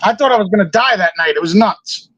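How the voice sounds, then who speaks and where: A man's voice: sits high, lively intonation, fast, a bit bright, lo-fi sound. A man, a wrestler guest on an interview show, telling a rambling story and acting out what others said. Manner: loose, rambling, laughs often.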